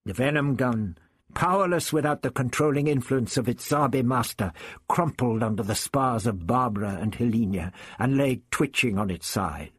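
An audiobook narrator with a mid-range, slightly rough voice reads an adventure story aloud in scripted narration. His delivery is steady and measured, with no room sound.

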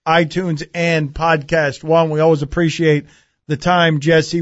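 A male radio host with a high voice fires off brisk, pointed questions at his guest. The sound is dry and a bit dull. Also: dry recording. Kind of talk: radio interview.

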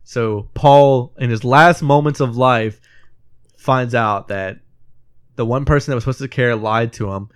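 An emotional man co-hosting a casual movie podcast, choking up as he retells the ending and acts out the characters' lines. His voice is smooth and clear at an ordinary pitch. It is recorded close and dry, with no room echo. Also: a little slow. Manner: emotional, retells scenes acting out quotes, swears. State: teary. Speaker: podcast co-host. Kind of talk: casual movie review chat.

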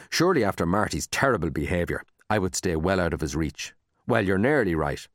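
A man narrating a children's story in an expressive, animated reading. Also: low-pitched, brisk, no echo, studio quality. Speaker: audiobook narrator.

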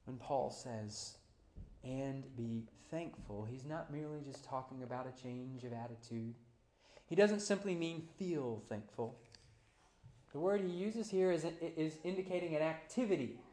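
Man, pastor, sermon, fairly high voice, swings from hushed to loud, echoey room. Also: unhurried.

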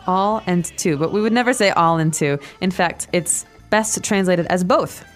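A woman hosting a language lesson podcast, explaining phrases slowly and repeating them. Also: lowish voice, faint music behind.

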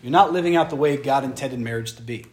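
A young man preaching a sermon on marriage to a live audience, animated and conversational, acting out little voices as he goes. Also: mid-range voice, fast. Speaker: pastor.

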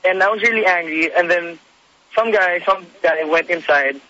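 A young man calling in to a radio show, telling a story in a hesitant, halting way. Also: high voice, sharp tone, no room sound. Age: young adult. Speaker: caller. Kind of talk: phone-in story. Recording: dull lo-fi call audio.

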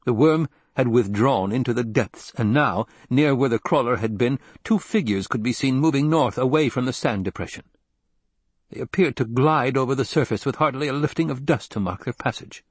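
A man narrating an audiobook in steady, even storytelling. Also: medium pitch, normal speed, husky, dry recording. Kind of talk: scripted narration.

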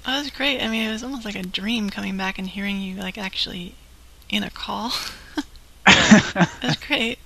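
A woman co-hosting a live show, chatting in a giggly, easygoing way. Her voice is bright and edged with vocal fry. Faint background noise runs under the recording. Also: medium pitch, normal speed. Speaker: co-host. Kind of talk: casual chat.

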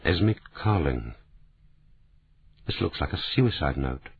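A man voicing a calm, patient male publisher who speaks gently and gravely. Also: extremely low pitch, slow, no echo, narrow, tinny audio, voice pushed down, heavily acted.

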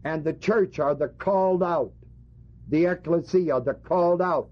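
A man's voice: on the high side, measured pace. A male preacher teaching a Bible passage to his congregation, emphatic and fond of rhetorical questions. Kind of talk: sermon. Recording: dull lo-fi recording.

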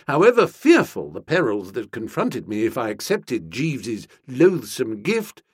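A man giving an expressive, comic audiobook narration. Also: mid-range voice, unhurried, breathy edge, dry recording, clean studio sound. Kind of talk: scripted narration.

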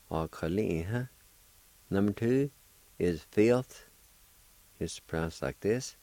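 Man, radio language teacher, very low voice, slow and patient, dry studio sound. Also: expressive, warm tone, dry recording. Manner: deliberate, spells out and repeats each syllable.

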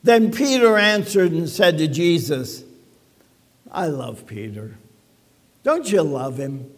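A man with a high voice delivers a sermon at an unhurried pace, chatty and quick with wry asides. His words ring out with a long reverb, as in a church hall. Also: very animated. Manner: conversational preaching with quips and asides. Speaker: pastor.

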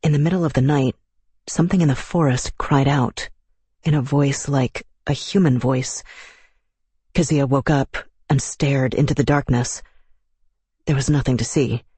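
A man reading a novel aloud as narrator, in a measured, even storytelling manner, close to the mic. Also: medium pitch, breathy edge, dry recording. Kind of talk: scripted audiobook narration.

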